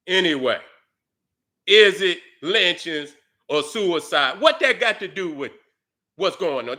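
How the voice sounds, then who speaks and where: Fired-up man ranting, high and bright. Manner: angry, profane, shouting at commenters. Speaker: YouTube commentator. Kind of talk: heated commentary to viewers.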